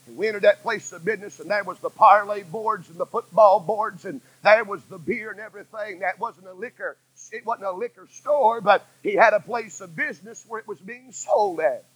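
A man, preaching a sermon that swings from loud cries to hushed tones. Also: high-pitched, husky, dry recording, low-quality recording. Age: 40s.

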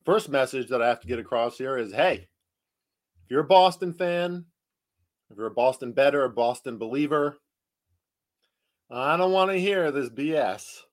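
A man's voice: medium pitch, expressive, moderate pace, pauses often. Male podcast host with a New Jersey accent: emphatic, chatty solo sports betting talk, mid-range voice. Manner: emphatic, rhetorical, chatty with fillers.

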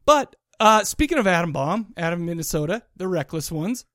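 Podcast co-host, male, higher voice, loose rambling delivery, dry close mic. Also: sing-song, normal speed, a bit bright, dry recording. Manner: rambling, self-interrupting. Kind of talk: casual chat.

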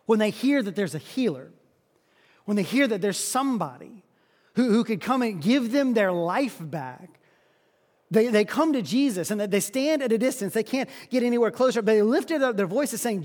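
A male pastor preaching a sermon, telling the story in an animated way and often repeating words. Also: sits high, normal speed. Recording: long hall reverb.

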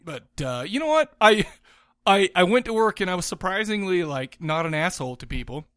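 Bright-voiced man telling a rambling story. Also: high voice, very animated, a little fast, dry recording, clean studio sound. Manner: rambling storyteller, lots of restarts and laughter. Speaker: podcast co-host. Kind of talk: casual chat.

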